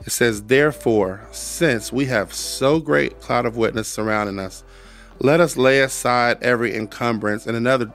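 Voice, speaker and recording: An earnest man tells his personal testimony at a mid-range pitch and repeats key lines for emphasis. He falls into a preacher's cadence when he quotes scripture. Soft music plays faintly underneath. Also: normal speed. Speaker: podcast guest.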